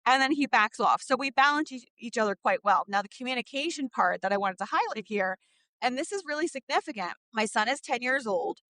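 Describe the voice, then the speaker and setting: A woman in her thirties hosting a podcast, telling a personal parenting story in a candid, chatty way, full of "like" fillers and lively quoted dialogue. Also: a little high, dry recording, poor audio. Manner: acts out quoted dialogue in animated bursts. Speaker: podcast host. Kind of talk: casual storytelling monologue.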